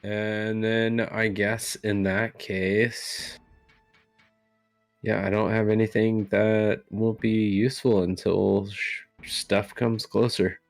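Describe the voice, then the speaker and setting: A man playing a tabletop game, talking slowly and hesitantly while checking his rules and spells. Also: lowish voice, little pitch movement, gravelly, no room sound, faint music behind. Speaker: player. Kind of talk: casual tabletop game chat.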